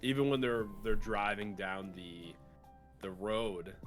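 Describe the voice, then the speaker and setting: A man co-hosting a casual TV review chat, relaxed, trailing off with lots of ums. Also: on the low side, slow pace, faint music behind. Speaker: co-host of a TV review show.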